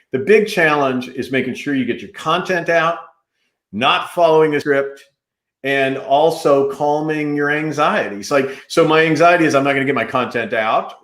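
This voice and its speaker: Casting: energetic male interview host, mid-range voice, loose chatty delivery, roomy echo. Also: mid-range voice. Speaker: podcast host. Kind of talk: casual interview chat.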